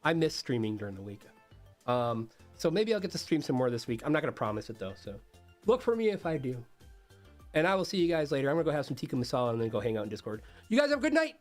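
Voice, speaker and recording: Animated man telling a story on stream. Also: mid-range voice, fast talker, soft background music. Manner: animated, swears freely, laughs often. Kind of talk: casual storytelling to a stream chat.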